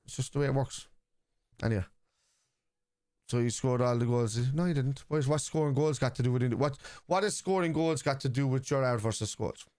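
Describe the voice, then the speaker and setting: A man's voice: medium pitch, brisk, a little mellow. Combative Irish man arguing with his chat. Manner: combative, argues point by point with viewers. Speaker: football fan streamer. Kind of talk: live watchalong stream, answering chat.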